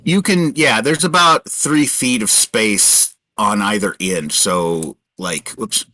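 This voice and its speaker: A man's voice: lowish voice, takes it slowly, sharp tone, no room sound. A man acting as game master, explaining the rules and the scene patiently while restarting his sentences often. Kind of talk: running a tabletop game session.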